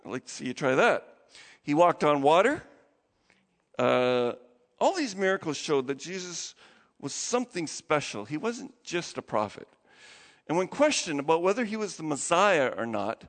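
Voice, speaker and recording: A man's voice: big pitch swings, moderate pace, a bit bright. A man preaching a sermon in a conversational way, acting out the quotes he tells. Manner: conversational, acts out quotes with big pitch jumps. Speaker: pastor. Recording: reverberant hall.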